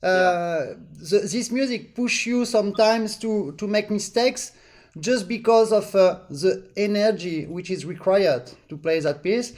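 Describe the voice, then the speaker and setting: A man's voice: high-pitched, unhurried, darkish tone. A man with a French accent, a non-native English speaker, teaching a live online accordion master class and singing rhythms with syllables.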